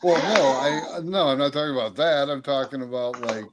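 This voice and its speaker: A man from the United States in casual chat, firing off quick jokes. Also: mid-range voice, steady tone, a crowd in the background. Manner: joking, quick quips.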